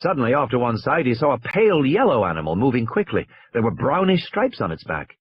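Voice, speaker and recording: The narrator is a man with a slightly husky voice, reading an audiobook at a steady storytelling pace that runs fairly quick, his pitch lively and shifting. The audio is dry, somewhat muffled, and has no room sound.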